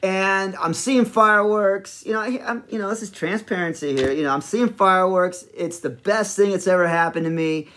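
A man hosting a podcast, telling a personal story in a rambling, animated way with many fillers. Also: high-pitched, moderate pace, few pauses, slight background noise. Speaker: podcast host.

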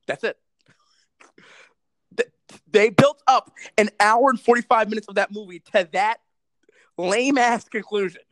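A man recapping a movie in casual chat, animated and sarcastic, with lots of swearing. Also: sits high, measured pace, pauses often, dry recording, low-quality recording. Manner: animated, profane storytelling with sarcastic asides. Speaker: movie reviewer.

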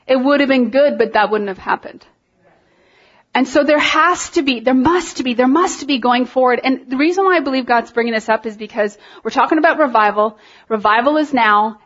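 A high-voiced woman leads worship and tells her congregation a story in a sermon-style testimony. She talks in a lively, animated way and laughs often, and her voice climbs higher as she is moved. The recording is dull and lo-fi. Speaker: worship leader.

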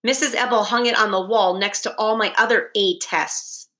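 A woman's voice: medium pitch, steady tone, normal speed, sharp tone, natural voice. A woman voicing a fibbing, defensive schoolboy in a read-aloud storybook, in a lightly raised voice. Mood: innocent.

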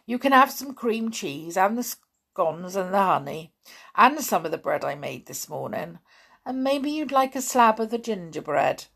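A woman voicing a kindly, bustling farm mother who talks with warm generosity. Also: medium pitch, very animated, measured pace, vocal fry, breathy edge, heavily acted.

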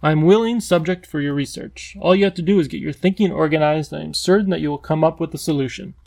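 A man voicing a lonely, eager male creature king, the Wangdoodle, who lisps and talks excitably. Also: on the high side, fast talker, creaky. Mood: pleading. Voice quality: lisping. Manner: excitable, bouncy, pleading.

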